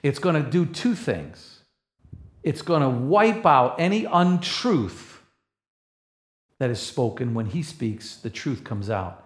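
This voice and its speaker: A man preaching a sermon, rising to loud, passionate peaks and then dropping to soft, low asides. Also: big pitch swings, slow. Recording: echoey room.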